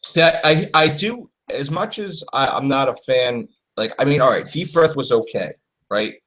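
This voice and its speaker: A man talking in an animated, exclaiming way in a casual fan chat, acting out quotes as he goes. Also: mid-range voice, normal speed, low-quality recording.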